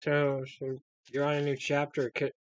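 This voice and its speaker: A woman's voice: low-pitched, completely flat delivery, moderate pace, lo-fi sound, a little hiss or hum. A woman chatting casually in the room, teasing the reader with questions. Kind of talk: casual chat.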